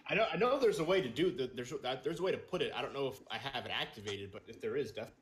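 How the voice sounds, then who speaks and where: A man's voice: mid-range voice, animated, racing, roomy sound, a little hiss or hum. A man co-hosting a gaming podcast, chatting casually in a rambling, hesitant way with lots of ums and restarts. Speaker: podcast co-host and streamer. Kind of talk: casual chat.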